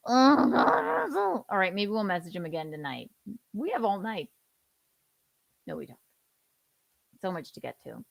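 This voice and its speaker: A woman's voice: mid-range voice, sing-song, moderate pace, gravelly, long pauses, dry recording. Woman host, sarcastic chatty commentary, mid voice, dead-dry close mic. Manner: sarcastic, swearing, laughing asides. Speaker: livestream host. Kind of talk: casual commentary chat.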